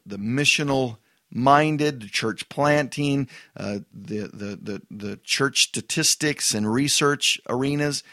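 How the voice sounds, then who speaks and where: Halting male pastor, dry close sound. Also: medium pitch, fairly bright tone, dry recording. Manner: halting, repeats words, emphatic asides. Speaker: pastor reviewing a book. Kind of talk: casual spoken book review.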